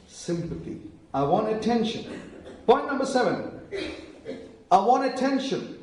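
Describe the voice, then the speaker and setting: A man preaching a sermon, telling stories and acting out quoted lines in hushed voices. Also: high-pitched, big pitch swings, unhurried, long pauses, slight background noise. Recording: very echoey hall, voice from a distance.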